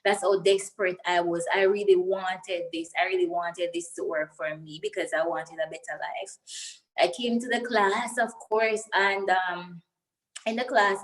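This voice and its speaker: A woman's voice: mid-range voice, moderate pace, low-quality recording. A young woman with a Jamaican accent, a guest in an interview, earnestly telling her personal story and getting emotional as she goes.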